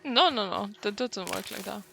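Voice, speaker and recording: A young woman streamer chatting casually, sarcastic, swearing freely and often clearing her throat. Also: medium pitch, normal speed, a bit bright, slight background noise. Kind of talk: casual livestream chat.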